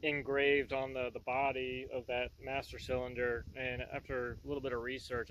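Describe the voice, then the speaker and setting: A man's voice: mid-range voice, a little hiss or hum. A man talking casually about his project in a workshop vlog, rambling and folksy. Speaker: vlogger.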